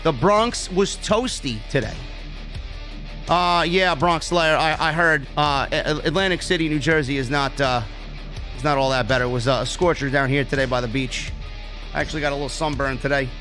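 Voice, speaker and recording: A man's voice: fairly high pitch, moderate pace, bright, forceful tone, faint music behind. A man hosting a live wrestling review stream, reading viewer super chats aloud and chatting casually with plenty of swearing. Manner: casual, profane, reads donor messages aloud.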